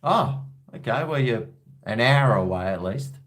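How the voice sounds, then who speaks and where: A man's voice: mid-range voice, expressive, unhurried, fairly bright tone. An Australian man hosting a casual call-in chat, blunt and rambling, with plenty of swearing. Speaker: host.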